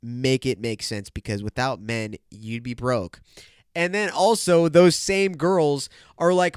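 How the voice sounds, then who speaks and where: A man's voice: mid-range voice, fairly even intonation, slow pace, clear, resonant tone, no room sound, studio quality. A young man hosting a solo podcast, congested and nasal, rambling and joking with lots of swearing. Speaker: podcast host. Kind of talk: casual solo podcast chat. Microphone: podcast microphone.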